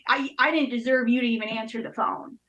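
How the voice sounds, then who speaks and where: A woman's voice: fairly high pitch, steady tone, brisk, bright, forceful tone, highs cut off. A woman in her thirties speaking candidly and emotionally in casual chat, with many fillers. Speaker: guest.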